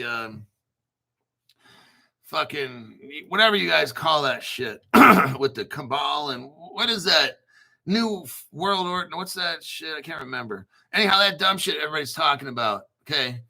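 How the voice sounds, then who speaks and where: Gravelly high-voiced ranting man. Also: bright, forceful tone. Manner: blunt, profane, clears his throat often. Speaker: crypto show host. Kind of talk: profane ranting commentary.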